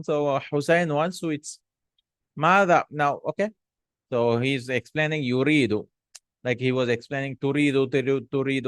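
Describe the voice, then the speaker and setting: A man teaching from an Arabic textbook. He reads each Arabic line quickly, then translates it slowly, checking in with "hmm?" and "no?". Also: medium pitch, fairly bright tone, no room sound, clean studio sound. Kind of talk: textbook lesson.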